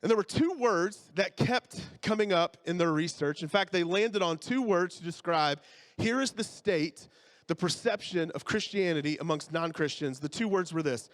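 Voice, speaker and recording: High-voiced pastor preaching with casual asides. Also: male voice, expressive, normal speed, a bit bright. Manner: conversational, joking asides, checks in with the congregation. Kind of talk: sermon.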